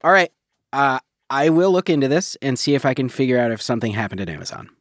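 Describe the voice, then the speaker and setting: A podcast host in casual chat, quick and chatty, reacting with laughs. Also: mid-range voice, lively intonation, a little hiss or hum.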